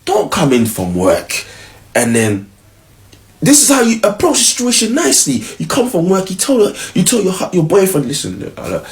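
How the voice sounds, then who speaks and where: Animated man giving street advice. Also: high voice, normal speed. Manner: animated, slangy, acts out both partners. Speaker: relationship advice vlogger. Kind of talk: casual advice monologue.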